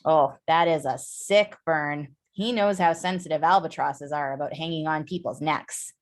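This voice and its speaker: A woman's voice: deep voice, moderate pace. A woman reading a comic monologue aloud in a wry, conversational storytelling manner. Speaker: play reader.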